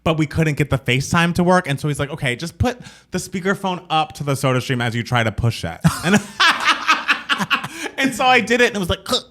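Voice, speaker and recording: A young man co-hosting a casual podcast, telling stories with lively acted-out quotes. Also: on the high side, normal speed. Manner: animated storyteller, acts out quoted voices. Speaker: podcast co-host. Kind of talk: casual chat.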